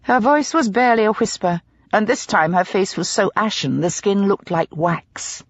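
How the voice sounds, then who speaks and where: A woman narrating a mystery audiobook in a dramatic, expressive storytelling manner. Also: medium pitch, moderate pace, no room sound, highs cut off. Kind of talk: scripted narration.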